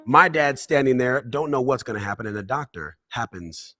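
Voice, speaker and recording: A man speaking as a motivational speaker, recounting a personal story with dramatic pauses and by voicing the people in it. His voice sits at an ordinary middle pitch, and soft music plays faintly underneath. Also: expressive.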